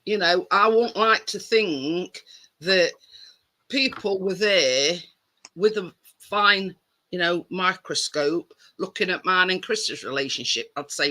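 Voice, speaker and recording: A woman's voice: lowish voice, measured pace, sharp tone. A woman hosting a live stream, chatting casually and rambling with repeated words and restarts.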